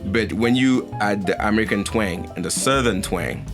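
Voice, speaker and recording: Low-voiced French-accented man in his forties. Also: normal speed. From France. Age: 40s. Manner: conversational, meandering storytelling. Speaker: interviewee. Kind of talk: documentary interview recollection. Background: guitar music.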